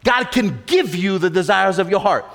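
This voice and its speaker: A man's voice: sits high, expressive, normal speed, a bit bright. A man preaching a sermon with emphatic repetition, often putting questions to the congregation. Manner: emphatic, repeats phrases, asks the congregation questions. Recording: long hall reverb.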